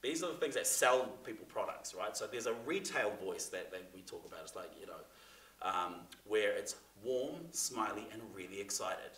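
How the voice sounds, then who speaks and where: A man's voice: on the low side, lively intonation, moderate pace, fairly bright tone. A man giving a casual, chatty talk to a class, full of fillers and restarts. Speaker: seminar presenter. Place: theatre room. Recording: echoey room, mic from far off.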